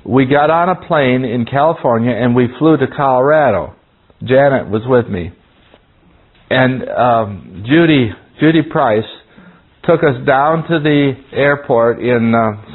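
A man's voice: medium pitch, measured pace. A man teaching a Bible class, telling a rambling story with frequent chuckles and restarts. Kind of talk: folksy storytelling sermon. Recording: tinny phone-like sound.

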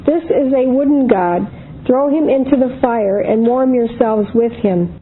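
A woman's voice: fairly high pitch, unhurried, lightly acted. A woman reading the part of a condemned woman of faith, firm and solemn, in a dramatic reading of a historical account. The audio is tinny and phone-like with faint noise. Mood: steadfast. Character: steadfast condemned woman of faith, calm and defiant.

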